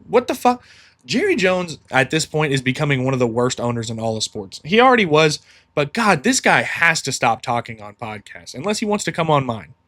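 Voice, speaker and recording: Guy ranting on his sports podcast, kinda high voice, swears a lot, all fired up. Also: big pitch swings, normal speed, fairly bright tone. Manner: heated, profane ranting. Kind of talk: solo sports podcast rant.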